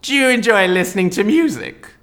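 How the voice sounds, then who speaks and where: A woman's voice: mid-range voice, lively intonation, fairly quick, a bit bright, close to an everyday voice. A woman playing a pompous, theatrical, reclusive inventor in a comedy sketch. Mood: grandiose.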